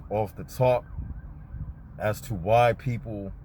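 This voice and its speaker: A man's voice: lowish voice, slow, a little mellow, a little hiss or hum. Man, casual spiritual vlog, parked car, phone recording, laid-back slang. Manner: laid-back, slangy, talks straight to viewers. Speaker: spiritual vlogger.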